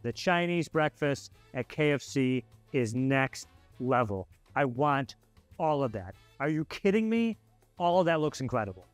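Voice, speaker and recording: A man casually reviewing fast food on camera, candid and offhand, with bursts of enthusiasm. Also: mid-range voice, very animated, dry recording, soft background music. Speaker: food show presenter.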